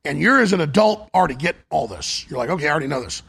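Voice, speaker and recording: A hoarse man hosting a talk show, urgently pitching products and asking for donations on air. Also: expressive, very fast, a bit bright. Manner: urgent, repetitive sales pitch. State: hoarse, voice nearly gone.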